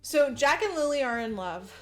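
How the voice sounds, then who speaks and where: A woman recapping a film in loose, profane podcast chat, jumping into quick character voices as she goes. Her voice sits a little high, with faint music in the background. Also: sing-song. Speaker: podcast co-host. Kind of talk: casual movie recap chat.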